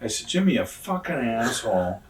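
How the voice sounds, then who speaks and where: An older man in his sixties tells stories in a casual interview, blunt and profane, and acts out the other people's lines as he goes. His voice sits at an ordinary mid pitch. The room sounds roomy and the mic is set some way off from him. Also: big pitch swings, moderate pace, distant mic. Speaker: retired pro wrestler telling stories. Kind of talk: casual shoot interview storytelling.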